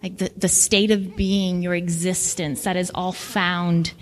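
A woman's voice: lowish voice, level tone, unhurried. Earnest woman preaching a sermon. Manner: earnest, reflective, quotes scripture. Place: church.

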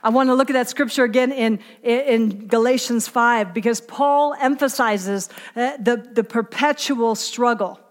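A woman's voice: fairly high pitch, a little slow, hardly any pauses. A middle-aged woman preaching a sermon in an emphatic, conversational way, asking her listeners to fill in the words.

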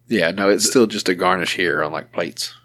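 A man's voice: sits low, moderate pace, a bit bright. A man hosting a podcast in casual chat, laid-back, swearing freely and laughing often. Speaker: podcast host.

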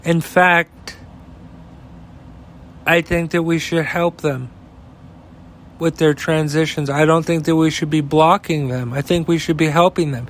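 A man's voice: on the high side, fairly even intonation, unhurried, pauses often, a little hiss or hum. A man, hosting a heated, profane opinion rant that rambles. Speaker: podcast host.

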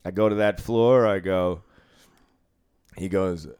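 Low-pitched guy dealer telling swear-heavy casino stories, laughs a lot. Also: steady tone, takes it slowly, darkish tone, clear, resonant tone. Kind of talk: casual storytelling chat.

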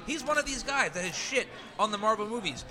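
Male podcast co-host, higher pitch, blunt profane ranter, music bed. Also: lively intonation, fairly quick. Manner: ranting, profane, repeats himself. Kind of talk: casual podcast chat.

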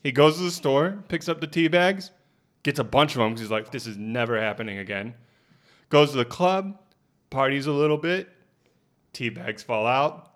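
Deadpan joking man on a podcast. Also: a little high, moderate pace. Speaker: podcast co-host. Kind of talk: casual comedic podcast chat.

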